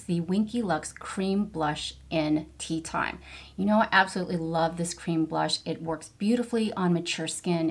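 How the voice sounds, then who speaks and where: A woman in her fifties doing a get-ready-with-me makeup tutorial, gushing enthusiastically over each product as she applies it. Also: lowish voice. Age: 50s. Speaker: beauty vlogger.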